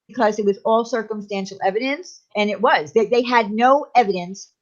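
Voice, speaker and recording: A woman's voice: mid-range voice, a little fast. A woman panelist joining over a video call, opinionated and explaining her points firmly. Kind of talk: casual panel chat. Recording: dull, muffled video-call audio.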